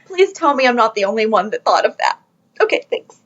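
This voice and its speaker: A woman co-hosting a fan podcast in casual chat, animated and quick to laugh. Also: a little high. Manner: animated, laughs a lot, acts out scenes. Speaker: podcast co-host. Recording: dull lo-fi podcast audio.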